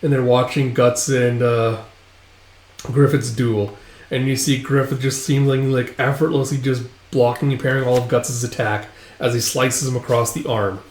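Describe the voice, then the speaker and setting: A man's voice: medium pitch, level tone, moderate pace, darkish tone. Guy rambling thru a manga recap, lots of "like", echoey room. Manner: loose, rambling, many fillers. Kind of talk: casual comic recap narration. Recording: roomy echo.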